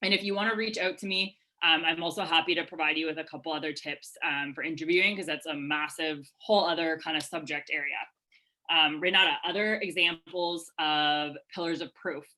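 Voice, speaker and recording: A woman coaching attendees on a live video-call webinar, her voice bright and a touch low. She talks in an energetic, chatty way, full of fillers and quick asides. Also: low-quality recording. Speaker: webinar presenter answering questions. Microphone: webcam video call.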